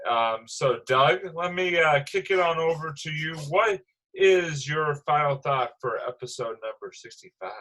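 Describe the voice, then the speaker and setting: Bright-voiced male podcast host. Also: fairly high pitch, lively intonation, a little slow, rough recording. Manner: reacts with short exclamations, runs the show segments. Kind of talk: casual podcast chat.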